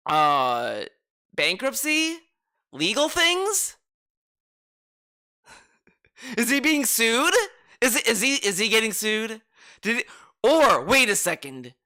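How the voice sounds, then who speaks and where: A man streaming, reacting to a clip with excited, sarcastic commentary, swearing and muttering to himself. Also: high voice, smooth.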